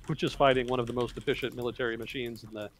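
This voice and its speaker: A man's voice: mid-range voice, fairly even intonation, very fast, a little hiss or hum. A man hosting a livestream, talking casually about history, rambling and correcting himself as he thinks aloud. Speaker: livestream host.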